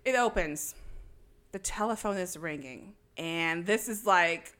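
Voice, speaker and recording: A woman's voice: lowish voice, measured pace, fairly bright tone, clean tone. A woman co-hosting a casual podcast, retelling a movie scene by scene in a chatty, irreverent way and acting out the lines she quotes. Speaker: podcast co-host recapping a film. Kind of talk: casual chat.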